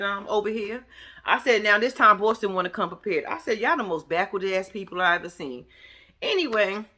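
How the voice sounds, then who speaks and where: Bright-voiced woman in a profane vlog rant. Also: medium pitch. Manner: animated, profane, trash-talking. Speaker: vlogger recapping a reality show. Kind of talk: casual commentary vlog.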